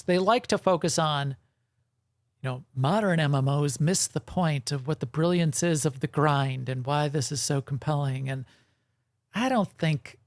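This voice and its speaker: A man's voice: fairly high pitch, no room sound, studio quality. A man co-hosting a gaming podcast in casual chat, rambling and correcting himself, with frequent chuckles. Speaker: podcast co-host.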